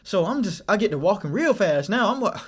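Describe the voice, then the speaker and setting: A young man vlogger telling a casual story, animated and slang-heavy, often repeating his phrases. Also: high voice, brisk, slightly rough.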